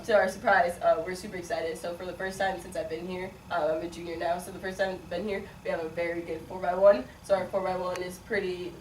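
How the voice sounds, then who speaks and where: Heard on a distant mic in an echoey room with faint background noise, a lowish-voiced college sprinter in her twenties answers interview questions. Born in Chicago and partly raised in Las Vegas, this Midwesterner is chatty, stuffs in likes and ums, and laughs a lot.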